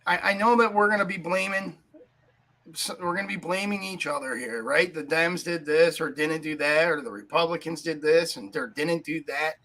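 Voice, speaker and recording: A man's voice: fairly high pitch, normal speed, bright, forceful tone, low-quality recording. A man hosting a talk podcast, ranting angrily about politics with lots of swearing and a habit of asking "right?". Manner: angry, profane, keeps asking "right?". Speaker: podcast host.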